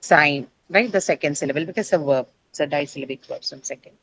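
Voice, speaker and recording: A woman's voice: low-pitched, fast, fairly bright tone, slight background noise, poor audio. A middle-aged woman teacher lecturing a class, explaining step by step and quizzing her students as she goes.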